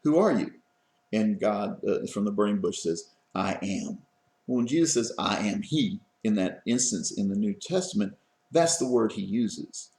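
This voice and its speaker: Gravelly-voiced man lecturing in an echoey room. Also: fairly low pitch, a little mellow. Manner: conversational, many fillers and restarts. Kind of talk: classroom lecture.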